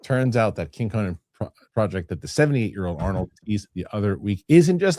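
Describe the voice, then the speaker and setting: A man hosting a casual movie news show, animated and jokey, reading headlines and adding his own takes. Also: lowish voice, a little fast, hardly any pauses, no echo, clean studio sound. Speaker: show host.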